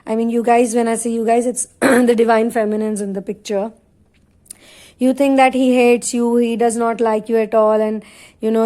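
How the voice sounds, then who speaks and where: A woman's voice: fairly high pitch, flat delivery, moderate pace, mellow. A woman giving a spiritual channeling reading as a tarot reader, talking in a rambling way with many asides.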